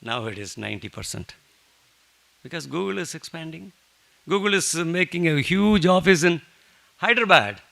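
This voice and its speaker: A man leading a satsang, telling a devotional story with lively joking asides. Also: on the high side, normal speed, gravelly. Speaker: satsang speaker.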